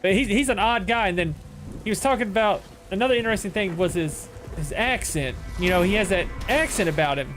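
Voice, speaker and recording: A man's voice: high voice, a little fast, a bit bright, soft background music. A male streamer chatting casually while playing a game, telling rambling stories with frequent restarts. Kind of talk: casual chat while gaming.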